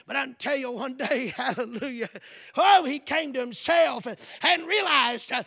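A man preaching a fervent revival sermon, shouting out hallelujahs and telling folksy stories. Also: extremely high pitch, moderate pace, creaky, husky, no echo. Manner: folksy storytelling.

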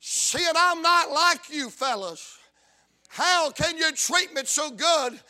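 Humble young foreign woman, voiced by a man with a South Carolina accent, pleading, slow. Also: very high-pitched, animated, pushed and bright, exaggerated voice. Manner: pleading, plain folksy speech.

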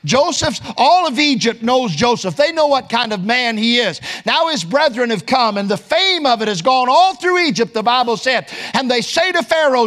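A man's voice: very high voice, animated, normal speed, hardly any pauses, a bit bright. A man preaching a sermon, quoting scripture in King James wording and rising for emphasis.

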